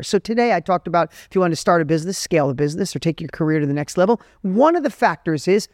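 A man's voice: high voice, a little mellow, no echo, clean studio sound. A middle-aged man giving an earnest, emphatic motivational talk as a podcast host, telling stories to make his points. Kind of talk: motivational monologue.

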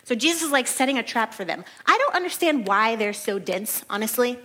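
Woman, somewhat high voice, relaxed Bible-study teacher, lively and chatty. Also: fairly quick. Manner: chatty and animated, laughs often, says "like" a lot.

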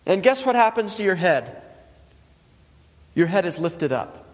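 A man's voice: high-pitched, very animated, unhurried. Man preaching in an echoing hall. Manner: earnest, conversational preaching with repetition. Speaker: pastor. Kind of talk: sermon.

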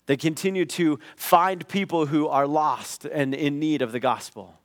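A middle-aged man preaching a sermon, telling a personal story in a conversational way that rises into loud acted outbursts. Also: fairly high pitch, unhurried, no room sound, studio quality. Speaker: pastor.

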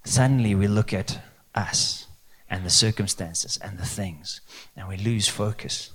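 A man's voice: lowish voice, a little slow, husky. A male pastor preaching a conversational sermon, asking rhetorical questions. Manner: lively, conversational, asks the crowd rhetorical questions.

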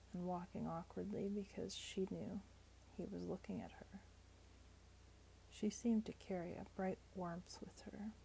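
Gravelly-voiced woman reading a novel. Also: lowish voice, dark tone, slight background noise, poor audio. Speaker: narrator. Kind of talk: audiobook narration.

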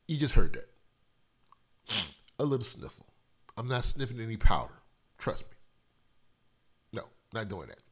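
A middle-aged man hosting a casual solo podcast, loose and profane, slightly congested from a cold, swinging between loud and quiet. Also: lowish voice, very animated, measured pace, pauses often, noisy background. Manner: loose, profane, rambling storyteller with big swings in loudness. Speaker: podcast host.

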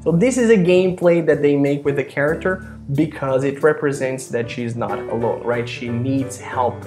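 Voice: mid-range voice, over music. American-accented English teacher drilling pronunciation. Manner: explains slowly, repeats words for practice. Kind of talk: online English lesson.

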